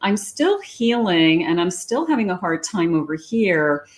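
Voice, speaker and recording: A woman's voice: fairly low pitch, very animated, a little slow. Chatty woman giving a tarot reading. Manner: chatty, reassuring, thinks aloud with fillers. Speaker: psychic tarot reader.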